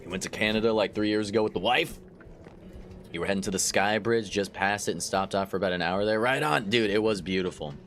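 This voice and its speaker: A man's voice: lowish voice, fast talker, fairly bright tone, slight background noise. A man giving casual let's-play commentary while gaming, chatty, laughing often and repeating words as he goes. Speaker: gaming YouTuber.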